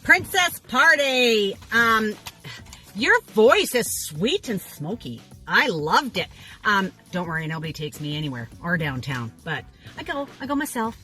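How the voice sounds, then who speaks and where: A woman's voice: fairly low pitch, sing-song, moderate pace, bright, forceful tone, faint music behind. A woman judging a talent show, giving bubbly, rambling praise with many fillers. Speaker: judge. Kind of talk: casual chat.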